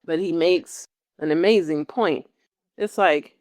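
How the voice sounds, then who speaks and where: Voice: mid-range voice, takes it slowly, a little mellow, dry recording. Blunt slangy podcast co-host, dry sound. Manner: blunt, salty opinions, slangy. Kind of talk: casual chat.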